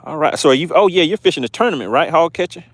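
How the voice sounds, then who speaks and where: A man's voice: a little high, lively intonation, racing, no echo. A man from Georgia with a Southern accent, hosting a casual fishing livestream from a boat and chatting as he reads viewer comments. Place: on a boat on a lake outdoors.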